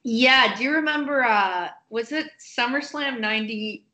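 Woman, bright tone, animated storytelling, casual interview guest. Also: on the high side, a little slow, rough recording. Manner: animated, acts out others' lines in quotes.

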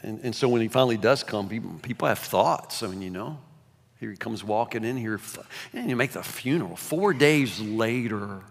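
A man preaching a sermon, swinging between loud emphasis and hushed asides, often repeating words. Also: on the low side, animated, moderate pace, vocal fry. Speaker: pastor. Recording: long reverb of a large hall.

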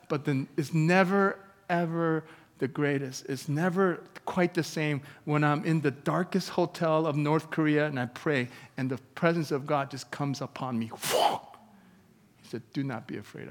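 A man preaching a sermon as pastor, energetic and emphatic, with casual asides to the congregation. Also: a little high. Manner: energetic preaching, rising to loud emphatic peaks; conversational asides with chuckles to the congregation. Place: church sanctuary. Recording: long reverb of a church hall.

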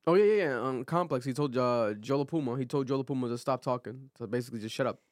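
A man co-hosting a podcast in casual chat, talking in an animated, opinionated way with lots of fillers. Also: medium pitch, fast, no echo, studio quality. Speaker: podcast co-host.

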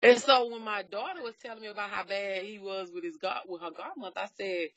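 Woman, middle-aged, casual chat, blunt, profane, animated storyteller, dry sound. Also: mid-range voice, fairly quick, no echo.

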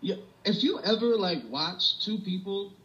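A young man with a New York accent, chatting casually, full of slang and swearing, telling animated stories. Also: high voice, unhurried, dull audio. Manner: slangy, profane, animated storytelling. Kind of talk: casual chat.

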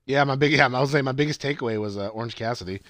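A man recapping a wrestling show in casual chat, rambling and swearing, with excited outbursts. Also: mid-range voice, rapid-fire, no echo. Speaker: podcast co-host.

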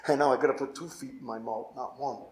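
A man's voice: mid-range voice, a little hiss or hum. A man, a pastor, teaching a Bible study in an informal, conversational way and often asking his listeners "right?". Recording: echoey room.

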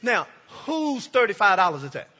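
A male pastor preaching to his congregation, calling for responses and climbing into shouts. His voice sits very high and lively, with a bright, sharp edge. The recording is muffled and lo-fi, with a husky grain in his tone. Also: normal speed, big-room sound. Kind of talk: sermon. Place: church sanctuary.

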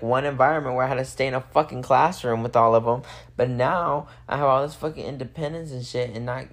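An eighteen-year-old podcast host ranting late at night into a phone, rambling and cursing freely with constant "like" fillers, a little high. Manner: rambling, profane, heavy use of "like". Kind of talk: casual late-night solo rant.

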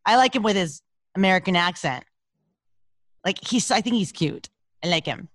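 A woman co-hosting a podcast in casual chat, brash, profane and animated. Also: medium pitch, normal speed, no echo. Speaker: podcast co-host.

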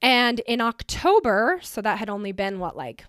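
A woman's voice: fairly high pitch, expressive, moderate pace, fairly bright tone, clean tone, dry recording, studio quality. A woman in her thirties from the United States hosting a podcast, telling a personal story in a chatty, emotional way with lots of "like.". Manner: chatty, emotional, heavy use of "like". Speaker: podcast host.

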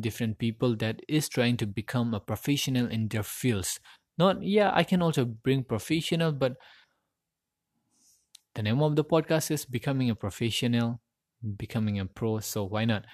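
A man's voice: mid-range voice, darkish tone, dry recording, studio quality. A man hosting a solo podcast, recorded on a USB mic plugged into his phone, rambling and repeating words as he searches for them. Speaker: podcast host.

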